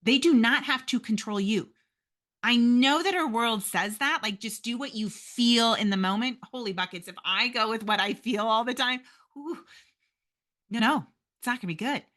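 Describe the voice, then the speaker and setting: Bright-voiced woman giving an encouraging talk. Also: on the high side. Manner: earnest, encouraging, addresses listeners as you guys. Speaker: podcast host. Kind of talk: motivational faith-based talk.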